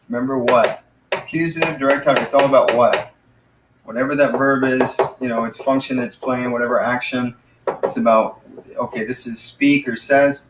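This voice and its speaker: Teacher explaining from across an echoey room. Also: male voice, medium pitch, background noise. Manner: explains patiently, slows to sound out Greek words. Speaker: Greek teacher. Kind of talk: informal classroom lesson. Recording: echoey room, mic far off.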